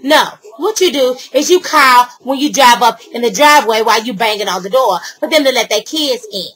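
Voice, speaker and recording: A woman's voice: fairly high pitch, brisk, poor audio. An older woman telling a story casually and sassily to camera, acting out what others said. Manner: animated, sassy, acts out quotes. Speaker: vlogger.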